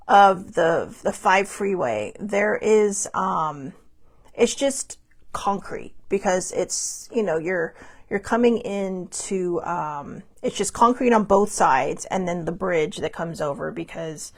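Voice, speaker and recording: Husky, gravelly-voiced woman telling stories. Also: mid-range voice. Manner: rambling and chatty, with many asides and restarts. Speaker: podcast host. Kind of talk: casual storytelling monologue.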